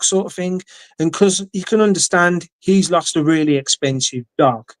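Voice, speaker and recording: A man's voice: a little high, normal speed, dry recording. An English man telling a long story in casual chat, swearing freely and acting out what people said. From England. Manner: swears freely, acts out quoted dialogue. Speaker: guest.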